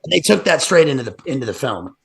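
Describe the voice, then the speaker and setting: This man talks very fast and with great animation, his medium-pitched voice a bit bright and marked by vocal fry. Appearing as a livestream guest, he rambles through literary analysis with plenty of fillers and restarts, drifting off on tangents in a casual discussion.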